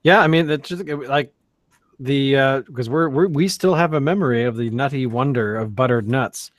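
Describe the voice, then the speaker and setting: A man's voice: medium pitch, normal speed. A man co-hosting a casual beer podcast, rambling with many fillers and restarts. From Canada. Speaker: podcast co-host. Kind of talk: casual chat.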